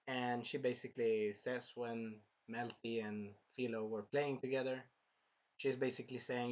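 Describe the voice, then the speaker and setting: A man hosting a casual anime episode review, rambling and sidetracking, often apologizing and clearing his throat. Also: medium pitch, moderate pace. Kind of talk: casual chat recapping an episode.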